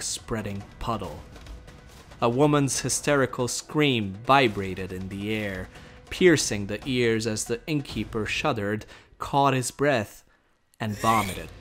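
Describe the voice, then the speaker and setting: A man reading a fantasy story aloud in a measured, steady storytelling voice. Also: lowish voice. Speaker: narrator. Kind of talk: dramatic audiobook narration.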